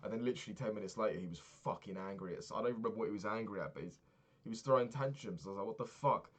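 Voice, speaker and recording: Low-voiced young man rambling, sweary. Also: very fast. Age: 20s. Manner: rambling, swears a lot, laughs at own stories. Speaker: vlogger. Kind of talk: casual travel recap monologue.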